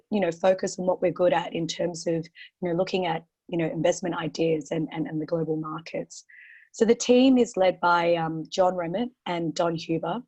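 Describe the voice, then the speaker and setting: An Australian woman with a croaky voice, answering interview questions as a guest on a webinar, talking steadily with lots of "you know" and "um" fillers. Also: fairly low pitch, darkish tone. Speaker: portfolio manager guest.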